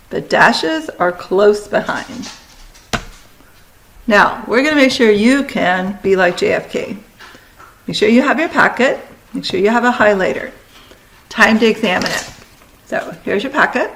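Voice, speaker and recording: A woman teacher giving a recorded lesson, talking students through steps in brisk, directive instructions. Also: mid-range voice, fairly bright tone, slight background noise, rough recording.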